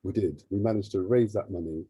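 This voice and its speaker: Man, charity head, low husky voice, lively storyteller who acts out dialogue; dry close sound. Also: brisk, no echo, poor audio. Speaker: charity CEO. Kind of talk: animated storytelling in an interview.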